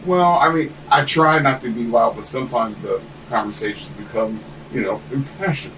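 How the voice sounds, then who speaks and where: A man's voice: medium pitch, moderate pace. A man guesting on a podcast, telling long, rambling stories in casual, profane chat. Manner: rambling, animated storytelling with lots of swearing. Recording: distant mic with faint air-conditioner hum.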